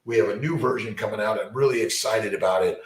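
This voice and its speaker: A man's voice: fairly low pitch, quick pace, echoey room, poor audio. A man answering viewer questions as a fertility doctor in a rambling, upbeat live chat, repeating himself and restarting often. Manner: upbeat, repetitive, motivational, many fillers and restarts.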